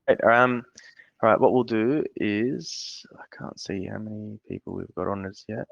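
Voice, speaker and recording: An Australian man with a low voice hosts a casual live Q&A in a friendly, easygoing way. His voice is dry and close, and it comes through the dull, lo-fi audio of a video call. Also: normal speed, creaky, dry recording. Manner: laid-back, chatty, friendly. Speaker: AMA host. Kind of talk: casual live-stream Q&A hosting.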